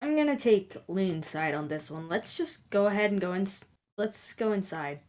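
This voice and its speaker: A woman's voice: medium pitch, animated, moderate pace, a little mellow. A woman playing her character in a tabletop role-playing game, playful and bossy with her party. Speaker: player.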